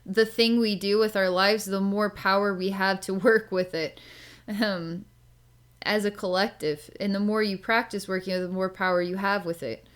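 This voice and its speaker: A woman's voice: medium pitch, steady tone, moderate pace. A woman psychic talking her way through a reading in a loose, rambling way, full of likes and ums. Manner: chatty, rambling, many filler words. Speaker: psychic reader. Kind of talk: casual spoken psychic session.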